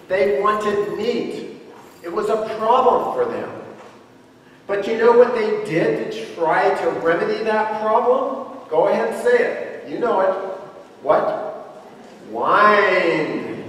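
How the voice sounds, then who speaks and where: High-voiced pastor preaching in an echoey church. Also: male voice, slight background noise. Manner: emphatic, asks congregation questions. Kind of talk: sermon. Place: church sanctuary. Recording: echoey church hall from far off.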